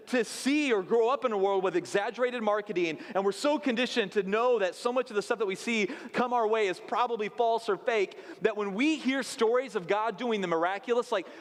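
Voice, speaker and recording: A man in his late thirties with a high voice, preaching in a church sanctuary. He tells stories in a relaxed, chatty way and turns to the congregation with asides. His voice rings with a long reverb. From South Dakota. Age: late 30s. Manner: conversational storytelling with asides to the congregation. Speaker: pastor. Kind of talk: sermon.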